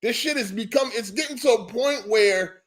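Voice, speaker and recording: A man's voice: very high-pitched, moderate pace, a bit bright. A man hosting a podcast, ranting in a heated, profane and repetitive way. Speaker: podcast host. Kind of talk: ranting solo podcast monologue.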